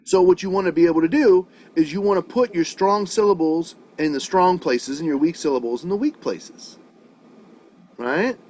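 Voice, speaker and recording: A man's voice: high voice, darkish tone, a little hiss or hum, poor audio. A man giving an online songwriting lesson over a video call, casual and profane, often checking that his student follows. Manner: casual, swears freely, checks understanding often. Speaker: music teacher.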